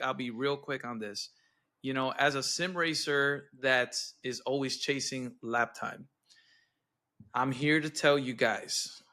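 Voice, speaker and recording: A man hosting a casual podcast, enthusiastic and quick to laugh. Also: medium pitch, pushed and bright. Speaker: podcast host.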